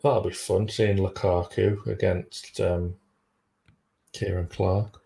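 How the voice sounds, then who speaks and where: A tired man hosting a live football fan stream, his low voice full of gravelly fry. He keeps the chat moving with a dry, sardonic edge. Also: flat delivery, slow pace, dark tone. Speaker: fan channel host.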